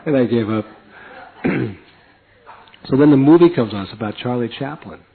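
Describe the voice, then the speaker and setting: An older man telling a personal story, animated and often laughing as he acts out voices and chanting. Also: medium pitch, normal speed, gravelly, slightly rough. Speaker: devotee recounting a personal story. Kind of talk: anecdotal storytelling talk. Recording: tinny phone-like lo-fi audio.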